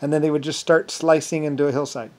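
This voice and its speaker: A man with a fairly high voice tells a long rambling monologue. He stops and restarts often, stacking fillers as he talks himself up in a grand, boastful way. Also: little pitch movement, a little mellow. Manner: halting, many restarts and fillers.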